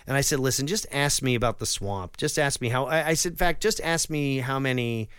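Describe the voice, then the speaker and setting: A man's voice: medium pitch, a little fast, clean tone, no room sound, clean studio sound. A comedian recounting a live television appearance in a casual interview, acting out the voices of people he quotes. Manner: animated storyteller who acts out quoted voices. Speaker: comedian and impressionist.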